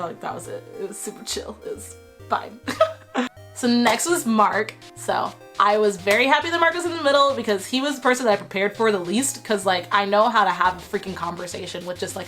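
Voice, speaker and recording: A young woman from Texas telling a casual storytime, chatty and laughing often, her voice worn from a cold. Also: mid-range voice. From Texas, USA. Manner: chatty, animated retelling with frequent 'like' and laughs. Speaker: vlogger.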